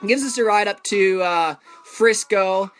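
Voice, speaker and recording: A man's voice: high-pitched, measured pace, a bit bright, faint music behind. A man casually telling a story about his own travels, rambling with lots of fillers and chuckles.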